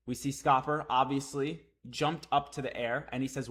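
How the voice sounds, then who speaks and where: A man reading a comic chapter on a live stream and reacting with excited, profane commentary. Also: medium pitch, moderate pace, few pauses.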